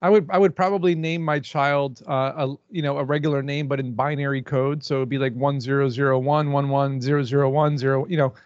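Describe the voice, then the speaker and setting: A man's voice: mid-range voice, fairly even intonation, a little fast, hardly any pauses, dry recording, lo-fi sound. A male filmmaker guesting on a podcast, upbeat in casual chat, laughing easily and repeating his words.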